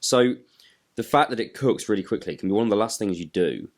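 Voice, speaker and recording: A man's voice: fairly low pitch, lively intonation, brisk. An older man co-hosting a podcast, chatting in an easygoing way and laughing often. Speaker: podcast co-host. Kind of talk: casual chat.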